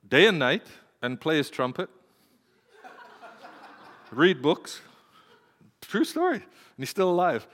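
An older man, a preacher and grandparent, telling a personal story in a sermon, moving from quiet storytelling to urgent, impassioned pleading. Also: medium pitch. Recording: hall with long reverb.

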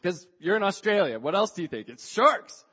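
High-voiced man telling an animated story. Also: normal speed, breathy edge, long reverb tail, lo-fi sound. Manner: chatty, acts out quoted dialogue, frequent "like" fillers. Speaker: speaker telling a personal story. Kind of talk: animated personal storytelling with a moral.

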